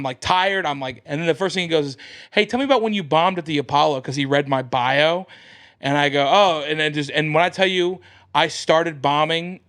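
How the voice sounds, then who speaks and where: An American man, a comedian guest on a podcast, telling a long story in casual chat and acting out the people in it. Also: a little high. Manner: animated, acts out quoted voices.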